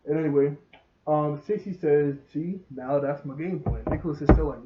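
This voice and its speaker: A man's voice: on the high side, steady tone, a little fast. A man casually retelling a cartoon episode for a review, rambling and laughing at the scenes. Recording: dull lo-fi audio.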